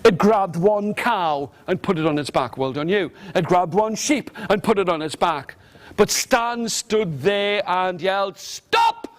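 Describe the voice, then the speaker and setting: A man tells a fairy tale to a young audience, leaning on rhythmic repeated phrases and inviting the listeners to say lines with him. His voice sits high for a man and he takes his time. Faint noise hums underneath. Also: a little slow. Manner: animated, rhythmic repetition, coaxing the audience. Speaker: storyteller. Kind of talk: interactive storytelling to children.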